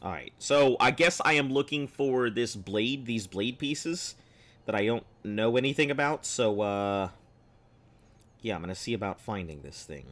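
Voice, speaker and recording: A man streams a game with casual commentary, thinking aloud and reading on-screen text in a rambling way. His medium-pitched voice is animated and fairly bright at a normal speed, slightly rough and throaty since he clears his throat often.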